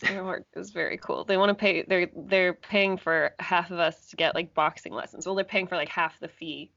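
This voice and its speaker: A woman's voice: on the low side, steady tone, moderate pace, gravelly, a bit bright. A young woman co-hosting a podcast in casual chat, teasing and dry, laughing often. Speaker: podcast co-host. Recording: dull lo-fi sound.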